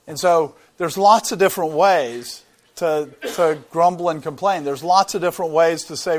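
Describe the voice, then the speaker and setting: A man's voice: fairly high pitch, moderate pace. Earnest man teaching a Bible sermon. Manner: earnest, explanatory, repeats words while thinking. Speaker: preacher.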